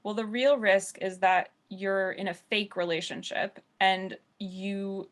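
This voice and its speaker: A woman's voice: medium pitch, steady tone, slow. A woman from the United States, a jazz musician, speaking candidly on an online panel discussion over a video call. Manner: earnest, candid storytelling.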